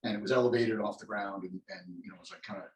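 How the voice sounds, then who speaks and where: With a fairly low pitch and fairly even intonation, this male actor guest talks quickly in an interview. The recording carries a roomy echo, and his casual, rambling speech includes many restarts and self-corrections.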